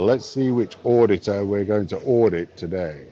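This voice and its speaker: A man's voice: deep voice, normal speed, dark tone, highs cut off, slight background noise. A man in his fifties, live streaming from a bar on his phone, chatting wryly and reading chat messages aloud. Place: bar, drinking a pint.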